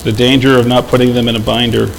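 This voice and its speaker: A middle-aged pastor preaching a sermon in church, conversational and often asking the congregation questions. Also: male voice, medium pitch, little pitch movement, quick pace, creaky, poor audio. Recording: faint background noise.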